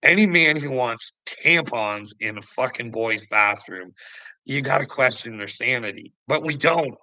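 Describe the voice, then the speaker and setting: Gravelly man ranting. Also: fairly low pitch, normal speed, sharp tone, no echo, low-quality recording. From Canada. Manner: angry, swearing, laughing scornfully. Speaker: vlogger. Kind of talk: profane ranting commentary.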